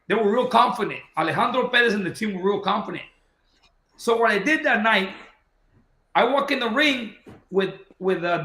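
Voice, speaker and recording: A man with a bright, high-pitched voice tells a long boxing story in casual talk. He acts out each person's lines as he goes. The room around him is echoey. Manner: animated anecdote-telling, acting out quoted dialogue. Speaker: boxing trainer.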